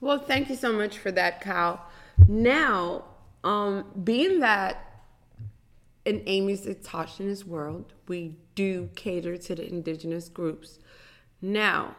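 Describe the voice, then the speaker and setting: A woman hosts a podcast at an unhurried, measured pace. She talks deliberately, pausing and restarting as she goes, at a mid pitch for a woman. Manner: slow and deliberate, with pauses and restarts. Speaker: podcast host. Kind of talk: hosting a scripted podcast.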